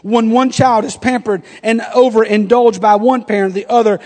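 A man in his thirties, a pastor preaching, telling a lively story and acting out the dialogue. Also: high-pitched, normal speed. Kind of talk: storytelling sermon. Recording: long hall reverb.

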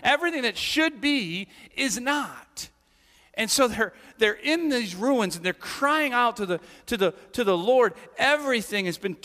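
A man preaching a sermon in a relaxed, chatty way, often checking in with "right?" His voice sits high and swings widely in pitch, and it carries through a big sanctuary with a long hall reverb. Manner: conversational, animated, asks rhetorical questions. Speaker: pastor.

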